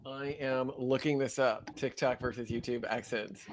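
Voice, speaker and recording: A man's voice: mid-range voice, steady tone, moderate pace, slight background noise. Man giving offhand replies in casual chat. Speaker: podcast co-host. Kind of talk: casual conversation with his wife.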